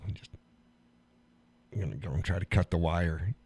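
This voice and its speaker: A man hosting a live stream, chatting casually about food and his day, laughing often and talking in an animated, blunt way with some swearing. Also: low voice, moderate pace, breathy edge. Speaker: live stream show host. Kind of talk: casual chat reading viewer comments.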